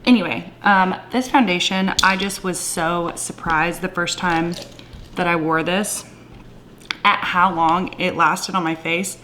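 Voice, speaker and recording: A woman talking through her makeup in a casual, gushing vlog, with a playful put-on Southern twang and soft whispered asides. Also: lowish voice, fairly even intonation, measured pace, slight background noise. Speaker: beauty vlogger. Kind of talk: casual makeup tutorial chat.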